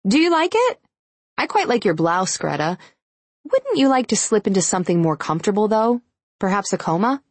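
Narrator doing a sharp-tongued young woman for an audiobook, sarcastic retorts, husky grain. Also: mid-range voice, very animated, no echo, pitched above the performer's own voice. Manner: sarcastic, quick-witted.

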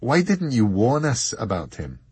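A man voicing an exasperated young man, bewildered and pleading, pitched higher than the reader's own voice. His tone is lively and husky, close and dry. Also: normal speed, no echo, exaggerated voice.

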